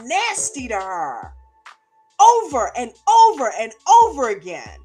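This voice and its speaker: High-voiced woman ranting through a recap. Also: huge pitch swings, slow, mellow, soft background music. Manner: passionate, indignant, swears freely. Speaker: reality show recap host. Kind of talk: reaction recap commentary.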